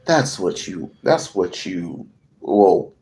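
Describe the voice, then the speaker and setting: A man's voice: deep voice, big pitch swings, takes it slowly, a little mellow. A man giving a heated political rant to camera, profane and emphatic, hammering on repeated phrases. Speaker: political commentator.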